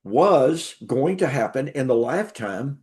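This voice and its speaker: A man's voice: medium pitch, lively intonation, measured pace, darkish tone. A man telling his story as an interview guest and Bible teacher, emphatic, repeating words for stress.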